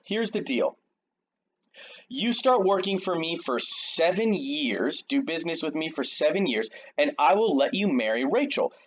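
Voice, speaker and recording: Scheming, falsely jolly older uncle in a storybook retelling, put on by a man, raised pitch, dull lo-fi sound. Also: sing-song, unhurried, a little hiss or hum. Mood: wheedling. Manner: cheerful, wheedling salesman tone.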